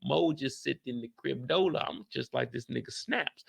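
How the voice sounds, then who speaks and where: A man hosting a casual recap of a TV episode, ranting in an animated, profane, slang-heavy way. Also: mid-range voice, moderate pace, vocal fry, no echo. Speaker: TV show recap host.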